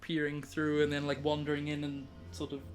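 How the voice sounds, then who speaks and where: Narrate as a relaxed game master: casual, sweary, laughing often, over faint music. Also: mid-range voice, a little fast.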